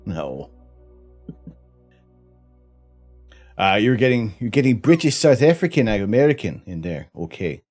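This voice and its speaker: A man's voice: on the low side, very animated, a little slow, pauses often, a little mellow, faint music behind. A middle-aged Canadian man hosting a live stream, chatty and self-mocking, laughing often as he reads out explanations and answers chat. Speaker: livestream host.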